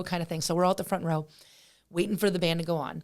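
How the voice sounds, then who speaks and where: Chatty woman from Pennsylvania, fairly low voice. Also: quick pace. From Pennsylvania, USA. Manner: animated, chatty, many fillers. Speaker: guest musician. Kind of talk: casual interview storytelling.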